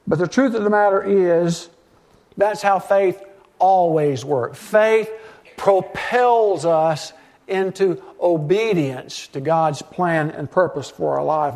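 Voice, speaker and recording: This middle-aged pastor has a high, creaky voice. Preaching in the church sanctuary, he shares earnest stories and regularly plays out what people said to him.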